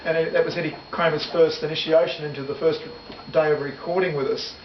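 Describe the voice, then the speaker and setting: A man's voice: on the high side, steady tone, quick pace. A middle-aged man, a musician reminiscing in a casual interview, rambling and correcting himself as he goes. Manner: rambling, self-correcting, laughs easily. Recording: echoey, distant, dull, loud noise.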